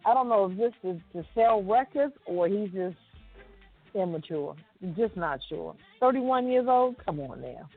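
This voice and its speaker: A woman's voice: medium pitch, expressive, a little slow. A woman reading celebrity news on a chat show, dropping in wry asides between items. The sound is tinny, like a phone line, with faint music underneath. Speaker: co-host reading entertainment news.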